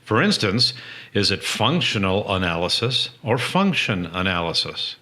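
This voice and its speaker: Male host, lowish bright voice, measured, clear questions. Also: very animated. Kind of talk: interview narration.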